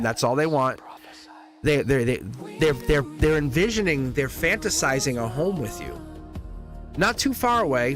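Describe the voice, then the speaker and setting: A man's voice: a little high, a bit bright. A man reading tarot cards live for his viewers, chatty, laughing often and repeating himself. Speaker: tarot reader, livestream host.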